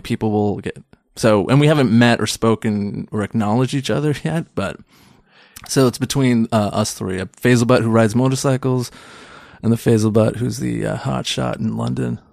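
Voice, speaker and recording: A man in his thirties talks as a stand-up comedian guest, wandering through his thoughts with constant restarts and jokes at his own expense. His voice sits at an ordinary middle pitch. The sound is dry and close, with no room echo. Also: normal speed, vocal fry, darkish tone. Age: 30s. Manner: rambling, self-deprecating, many restarts. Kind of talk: casual interview chat.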